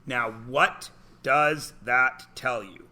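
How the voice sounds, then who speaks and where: A man's voice: mid-range voice, very slow, sharp tone. A man teaching math to a class, giving instructions and explaining steps with dry, theatrical jokes. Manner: dry, theatrical joking with students. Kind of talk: classroom lecture.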